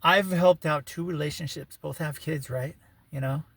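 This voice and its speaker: A man's voice: fairly high pitch, normal speed, vocal fry, fairly bright tone, no echo. A man rambling through a personal story in a casual vlog, full of "you know" and "right", with wry laughing asides. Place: living in his vehicle.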